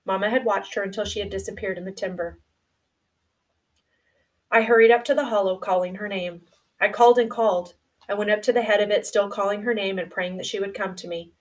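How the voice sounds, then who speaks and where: Woman, audiobook narration, subdued, mid pitch, slightly distant mic. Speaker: audiobook reader. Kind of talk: novel reading.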